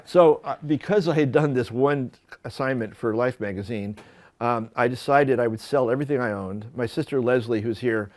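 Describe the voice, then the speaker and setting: A man's voice: medium pitch, normal speed. Guy telling old photo-job stories on stage, keeps restarting, middling voice, pokes fun at himself. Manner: animated, self-deprecating storytelling with many restarts. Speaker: photographer giving a talk. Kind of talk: storytelling lecture. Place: lecture hall at an art school.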